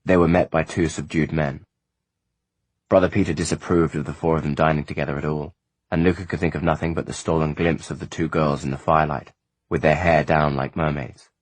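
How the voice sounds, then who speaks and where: Man reading an audiobook, super low husky voice, measured pace, dry sound. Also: flat delivery, no echo. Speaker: audiobook narrator. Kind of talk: scripted audiobook narration.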